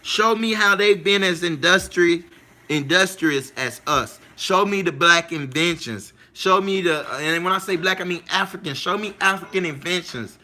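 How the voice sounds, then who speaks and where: At normal speed, a male livestream host speaks in a high-pitched, bright, forceful voice. His casual monologue is full of emphasis and repetition, punctuated by frequent questions about whether listeners follow him.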